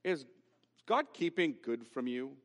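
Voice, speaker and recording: A pastor preaching an expository sermon, repeating key phrases with emphasis and reading scripture aloud. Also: male voice, mid-range voice, big pitch swings, unhurried. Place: church sanctuary. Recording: long reverb from a large hall.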